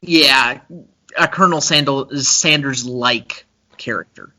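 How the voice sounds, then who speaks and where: A man's voice: medium pitch, takes it slowly, sharp tone. A young man co-hosting a casual movie-review podcast, chatty and analytical, with frequent fillers. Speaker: podcast co-host.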